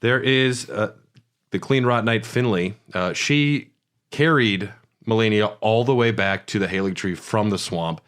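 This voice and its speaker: A man co-hosting a casual gaming podcast, telling stories in a loose, profane, animated way. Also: on the low side, a little slow, smooth. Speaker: podcast co-host.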